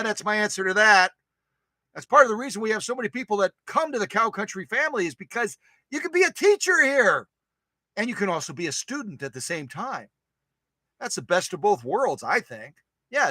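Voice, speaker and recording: A man's voice: sits high, brisk, dry recording. A man hosting a live stream, chatting casually and joking with his viewers. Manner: animated, exclaiming and joking with viewers. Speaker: host of a sewing machine live stream.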